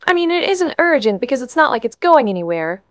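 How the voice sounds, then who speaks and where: A woman voicing an eager, nervously reassuring mother who talks excitedly about family fairy magic, in an audiobook. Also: high voice, a little fast, no echo, clean studio sound, voice pushed up. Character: eager, nervous middle-aged mother, chatty fairy-line enthusiast. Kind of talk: audiobook narration.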